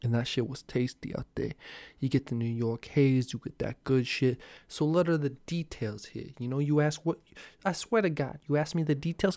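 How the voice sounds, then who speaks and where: A young man from New Jersey hosting a cannabis news show, talking loosely and excitably with a lot of profanity. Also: medium pitch, normal speed, no echo. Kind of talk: casual news commentary.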